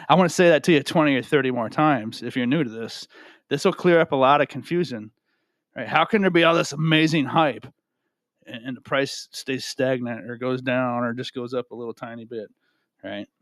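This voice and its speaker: A man's voice: mid-range voice, a bit bright, dry recording, clean studio sound. A man giving casual, rambling talk to camera from home, often asking "right?" and repeating himself. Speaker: crypto video host. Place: home room with a cat.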